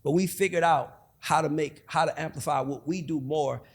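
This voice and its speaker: A man in his forties with an Atlanta accent, a guest telling stories in a casual, animated, profane way. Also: on the high side, moderate pace, breathy edge. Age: 40s. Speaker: guest, music executive. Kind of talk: casual podcast conversation.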